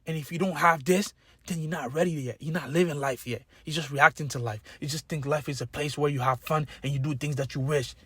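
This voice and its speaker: A man giving an impassioned motivational speech, preaching with loud emphatic peaks and repeated key words. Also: a little high, steady tone, a little fast, husky. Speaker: motivational speaker.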